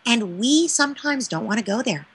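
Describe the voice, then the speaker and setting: A woman speaking as a parenting expert in an interview, animated and often checking in with "right?". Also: fairly high pitch, normal speed, husky. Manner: animated, keeps asking "right?". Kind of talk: interview answer, advice.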